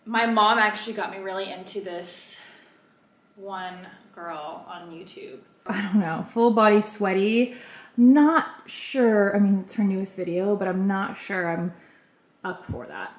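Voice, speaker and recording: A woman's voice: medium pitch, a little slow. Chatty young woman in a roomy room. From United States. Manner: chatty, rambling, self-deprecating asides. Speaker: lifestyle vlogger. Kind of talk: casual vlog chat. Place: home room in Texas. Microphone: camera on a tripod.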